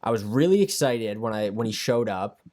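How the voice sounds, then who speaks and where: A young man co-hosting a casual podcast, talking at length in an animated, emphatic way. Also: on the low side, moderate pace. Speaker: podcast co-host.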